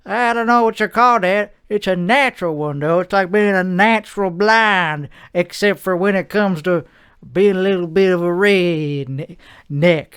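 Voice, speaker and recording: A man's voice: high-pitched, unhurried, a bit bright, clean tone. A man hosting his own show, talking in a rambling, self-mocking, jokey monologue. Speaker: host.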